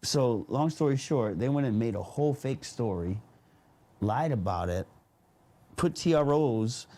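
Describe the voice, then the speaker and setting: A man casually telling a story on a podcast, animated and slangy, often laughing as he talks. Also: medium pitch, a little slow. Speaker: podcast guest.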